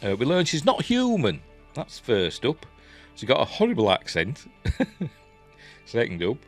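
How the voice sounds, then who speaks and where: A man's voice: mid-range voice, huge pitch swings, unhurried, faint music behind. A man with a Yorkshire accent reviewing a TV episode in a casual, rambling way, full of fillers and restarts. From Yorkshire, England.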